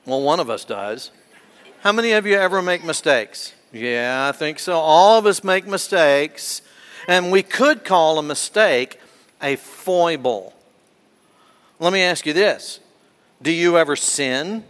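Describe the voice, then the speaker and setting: A man's voice: fairly high pitch, animated, measured pace, fairly bright tone. A man giving a children's sermon in a church, playful and coaxing, asking the children question after question. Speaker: pastor. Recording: long echo of a large hall.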